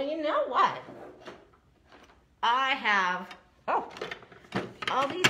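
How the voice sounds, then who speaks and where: A woman leading a preschool story time, reciting nursery rhymes slowly and encouragingly in a sing-song way. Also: medium pitch, heavy background noise. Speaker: children's librarian.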